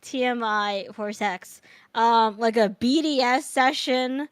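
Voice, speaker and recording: A woman chatting casually on a stream, giggly and excitable, sometimes reading a story aloud. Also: on the high side, slow, clean tone, dry recording.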